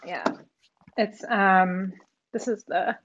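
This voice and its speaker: A woman, a therapist and artist, talking as a podcast guest in a reflective, halting way, thinking aloud with many pauses. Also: medium pitch, steady tone, fairly bright tone, muffled recording, a little hiss or hum. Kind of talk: casual conversational interview.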